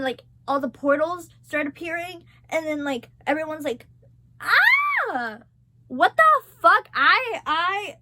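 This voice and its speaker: A young woman chatting casually as a vlogger, gushing and excitable, swearing freely. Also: high-pitched. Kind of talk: casual chat.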